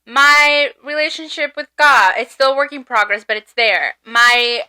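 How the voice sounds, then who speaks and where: A young woman co-hosts a podcast in loose casual chat. She is loud, giggly and a bit chaotic. Her voice sits high and sounds bright. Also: unhurried, clear, resonant tone. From Hispanic background. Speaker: podcast co-host.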